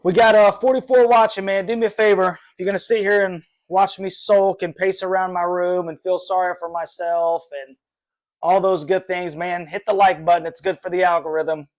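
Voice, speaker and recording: Male fan host, live reaction stream, frustrated and rambling, voice slightly high. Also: flat delivery, normal speed. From North Carolina. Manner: frustrated, rambling, many fillers and sighs. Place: his room.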